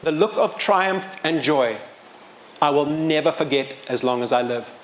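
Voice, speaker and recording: Animated man telling a story live. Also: a little high, unhurried, a little hiss or hum. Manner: animated, self-mocking humor, wide swings in loudness. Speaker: storyteller and motivational speaker.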